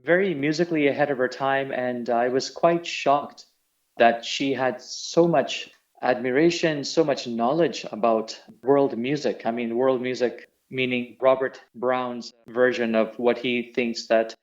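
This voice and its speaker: A man's voice: mid-range voice, measured pace. A middle-aged man tells his stories as an interview guest, bringing them to life by acting out the voices he quotes. His voice sits in an ordinary middle register. The audio is dull and lo-fi, as over a remote call. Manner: animated storyteller who acts out quoted voices. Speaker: interview guest, tabla player and singer. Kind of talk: storytelling in an interview.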